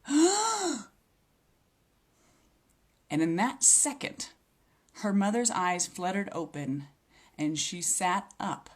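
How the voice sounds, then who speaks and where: In a personal faith testimony about healing, a woman with a lower-pitched voice speaks sincerely and reflectively. She is earnest throughout, pausing in hesitation here and there.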